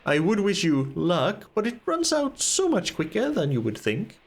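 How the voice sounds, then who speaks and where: A man's voice: high-pitched, wildly swooping pitch, moderate pace, pitched above the performer's own voice, heavily acted. A man voicing a grave, weary old wizard. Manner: formal, grave old-fashioned speech. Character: stern old male wizard, weary and cautioning.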